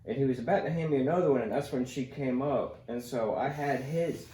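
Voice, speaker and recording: A man's voice: medium pitch, fairly quick. A young man, hosting a casual podcast and telling stories in a rambling way, full of "like". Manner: rambling, animated storytelling with lots of "like". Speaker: podcast host. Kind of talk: casual storytelling chat. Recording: echoey room, faint background noise.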